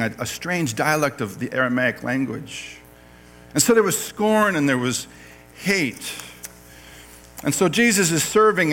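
Conversational Canadian pastor preaching. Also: male voice, fairly high pitch, fairly bright tone. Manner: conversational, quoting scripture, self-correcting. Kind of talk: sermon.

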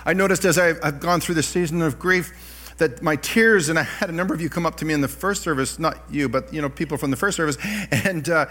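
A middle-aged man preaching a sermon, telling personal stories with animated delivery and self-deprecating laughs. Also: on the high side, fairly quick. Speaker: pastor.

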